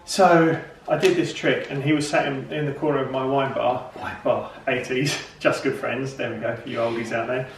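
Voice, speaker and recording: A man's voice: medium pitch, fairly even intonation, moderate pace, few pauses, a little hiss or hum. A middle-aged man, telling a rambling joke and chatting casually to camera at home. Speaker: vlog host. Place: home, indoors. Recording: roomy, from far off camera.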